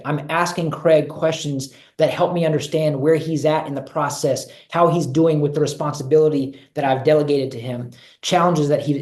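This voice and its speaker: A man's voice: on the high side, darkish tone. Earnest man coaching, echoey room. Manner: earnest, repeats and stresses key phrases. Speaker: guest speaker on leadership. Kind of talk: webinar presentation.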